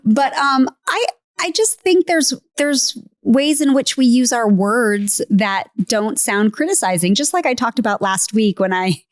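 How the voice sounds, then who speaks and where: Animated, laughing woman podcast host. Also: on the high side, unhurried, no echo, clean studio sound. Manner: animated, laughs often, acts out quoted voices. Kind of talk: casual faith podcast conversation.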